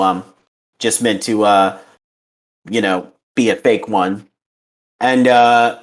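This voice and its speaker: A man talking through a casual podcast review at an ordinary pitch. He rambles eagerly, full of fillers and restarts, never quite stopping. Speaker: podcast host.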